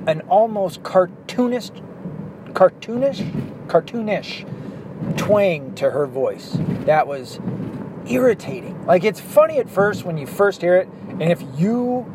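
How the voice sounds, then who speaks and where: Profane man ranting in a car. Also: sits high. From Southern US, Arkansas. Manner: profane, blunt, opinionated. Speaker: vlogger. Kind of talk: ranting monologue while driving. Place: inside a car, driving. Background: faint car and street noise.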